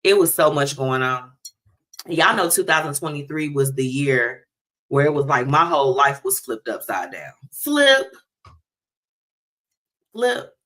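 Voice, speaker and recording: Low-voiced chatty woman host. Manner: chatty, animated, addresses listeners directly. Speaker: talk show host. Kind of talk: casual chat to listeners.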